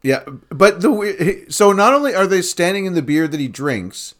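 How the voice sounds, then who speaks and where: A man's voice: high-pitched, lively intonation, moderate pace, a bit bright. A man chatting casually as a podcast co-host, laughing often and restarting his sentences. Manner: laughs often, repeats himself when starting sentences. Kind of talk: casual chat.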